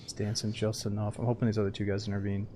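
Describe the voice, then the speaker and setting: A male game streamer with a fairly low voice, riffing loosely through live gameplay commentary. He swears freely, jokes around and gets loud and excitable when the action picks up. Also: racing, heavy background noise. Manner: excitable, profane, joking banter.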